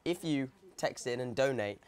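A man's voice: medium pitch, animated, normal speed, a little mellow, smooth. A man co-hosting a live charity stream, cheerful and encouraging as he urges viewers to donate. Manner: cheerful, encouraging, hypes the crowd. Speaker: livestream co-host. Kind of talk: upbeat live presenting.

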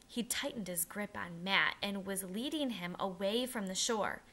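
A woman narrating a children's historical novel aloud, expressive, with occasional restarts and self-corrections. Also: medium pitch, measured pace, few pauses.

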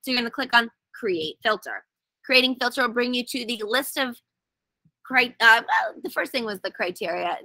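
Lady teaching a webinar outside, wry and chatty, crisp bright tone. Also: on the high side, dry recording, rough recording. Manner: chatty, wry, explains step by step. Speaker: educator running a webinar. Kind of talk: casual webinar tutorial. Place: outdoors.

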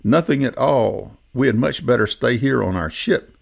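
A man reading the part of a timid, gloomy old male goose gentleman in a storybook, in a worried tone. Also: medium pitch, animated, moderate pace, vocal fry, husky, full character voice. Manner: worried, reluctant.

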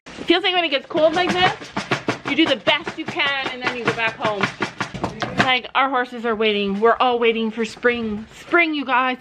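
Chatty woman vlogging outdoors, higher voice. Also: normal speed, sharp tone, a little hiss or hum, low-quality recording. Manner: chatty, laughs often, coos at animals. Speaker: vlog host. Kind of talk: casual vlog chat. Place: outdoors on a cold horse farm.

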